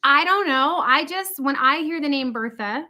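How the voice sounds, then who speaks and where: A middle-aged woman hosting a casual livestream chat from home, animated and jokey, quick to slip into funny voices. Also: sits high. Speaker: livestream host.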